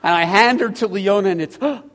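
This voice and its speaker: High-voiced preaching man, hall reverb. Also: a little fast. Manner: animated, swings from loud to hushed. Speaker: pastor. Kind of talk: sermon. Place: church sanctuary.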